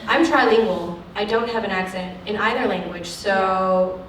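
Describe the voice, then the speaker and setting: An actress speaking frankly at a lecture, acting out the people she quotes in an animated way. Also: medium pitch, normal speed, slight background noise. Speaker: actress giving a guest lecture. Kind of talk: candid talk at a lecture Q&A. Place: lecture hall. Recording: echoey hall, distant mic.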